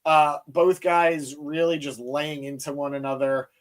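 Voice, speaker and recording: A man's voice: on the high side, level tone, measured pace. A young man hosting a wrestling recap podcast, talking enthusiastically and conversationally. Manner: enthusiastic, conversational, hands off to co-host. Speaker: podcast host. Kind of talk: casual wrestling recap chat.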